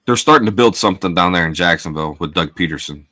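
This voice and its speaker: A man's voice: low voice, lively intonation, fast talker, noisy background. A man co-hosting a sports podcast, giving casual, tired, laid-back commentary while watching a live game.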